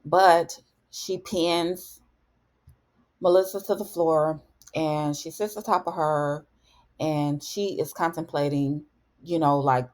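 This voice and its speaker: Chatty woman with a low voice. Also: a little slow. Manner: chatty and animated, addresses viewers as "honey". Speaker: TV recap host. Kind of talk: casual spoken episode recap.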